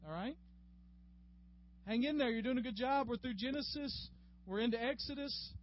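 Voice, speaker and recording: A man leads a Bible class in a chatty, folksy way, his voice sitting fairly high for a man. The recording is dull and lo-fi, with a faint hum in the room behind him. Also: moderate pace. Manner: folksy and chatty, addressing class members by name. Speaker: Bible study teacher. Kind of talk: conversational Bible class teaching. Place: classroom with a group.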